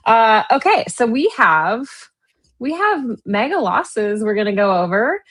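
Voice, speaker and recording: A woman's voice: a little high, sing-song, a little slow, a bit bright. A woman with a Minnesota accent, co-hosting a casual political chat with wry, sarcastic asides. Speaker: guest co-host.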